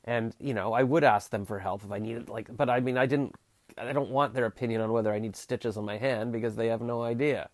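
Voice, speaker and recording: Chatting casually with his livestream audience, this Canadian-accented man in his 40s wanders through false starts and drops dry, sarcastic remarks. He talks fairly quickly at medium pitch, his tone steady and somewhat dark, on a dry recording.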